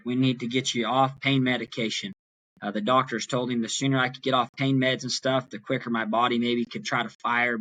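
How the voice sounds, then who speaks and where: A young man as a podcast guest, earnestly retelling a personal story in an animated way. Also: mid-range voice. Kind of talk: storytelling in an interview.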